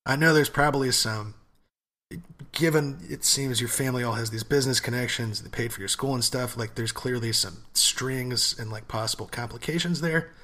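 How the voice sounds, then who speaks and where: A man co-hosts a podcast in easygoing chat. His voice is mid-pitched, with a bright, forceful edge. He speaks bluntly, swears freely, and rambles with fillers. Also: moderate pace. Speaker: podcast co-host. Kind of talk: casual advice chat.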